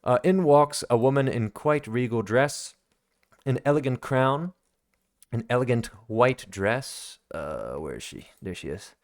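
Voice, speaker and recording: A man's voice: medium pitch, lively intonation, a little slow. A man running a tabletop game as game master, narrating the scene in a casual, rambling way with fillers, at a home desk.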